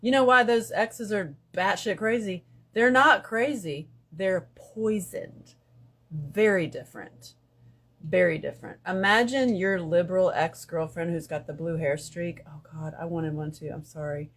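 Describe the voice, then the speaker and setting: A woman hosting a casual spiritual live stream from her phone. She jumps between loud bursts and hushed asides and swears freely. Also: lowish voice, measured pace, husky.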